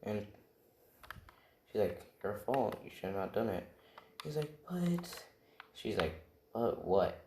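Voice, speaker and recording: With a lowish, expressive voice full of vocal fry, this storyteller takes his time and pauses often as he riffs on an anime fan scenario. His rambling leans heavily on "right?" and "like," captured in a noisy, roomy home setup with keyboard clatter.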